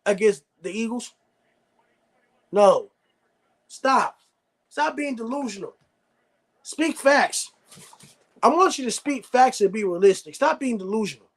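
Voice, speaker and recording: A man's voice: high voice, expressive, measured pace, pauses often. A man hosting a live sports reaction stream, ranting bluntly and repeating himself. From United States. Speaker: sports show host.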